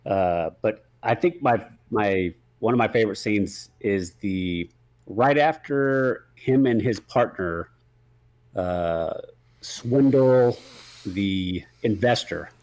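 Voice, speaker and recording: A man co-hosting a podcast, talking slowly and hesitantly about his favorite movie scenes. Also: on the low side, a little mellow. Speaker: podcast co-host. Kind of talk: casual movie review chat.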